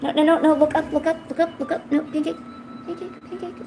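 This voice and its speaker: A young woman streaming, coaxing and teasing her cat in a playful, high-pitched baby-talk voice. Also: fairly even intonation, fast, noisy background. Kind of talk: live-stream chat.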